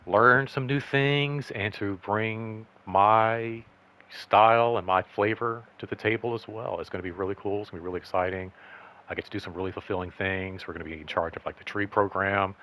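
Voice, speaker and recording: Man, very low voice, host of a chatty vlog update; loose, filler-heavy and upbeat. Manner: rambling, lots of "like" and "um"; excited, upbeat. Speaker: channel host. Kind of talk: casual personal update vlog.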